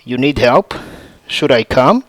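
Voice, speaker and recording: A man voicing a caring young woman who runs a bar, gentle and supportive. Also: medium pitch, expressive, slow pace, pitched below the performer's own voice.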